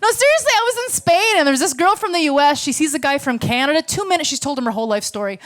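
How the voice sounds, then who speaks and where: Brash American woman, high lively voice. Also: racing. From United States. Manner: brash, sarcastic, profane. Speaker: stand-up comedian. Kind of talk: stand-up comedy set. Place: comedy club stage.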